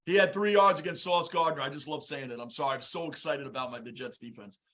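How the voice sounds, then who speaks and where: A man hosting a live football reaction stream, greeting chatters by name and shouting at big plays. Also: on the high side, fast talker. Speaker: livestream host reacting to a game. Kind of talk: live game reaction and fan chat.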